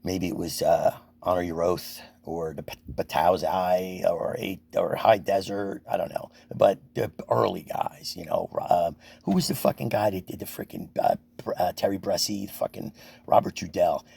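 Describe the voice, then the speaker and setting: A man's voice: sits low, normal speed, vocal fry, darkish tone, slightly rough. A man delivering an angry, profane, rambling political rant to his viewers, with lots of restarts. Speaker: First Amendment auditor vlogger.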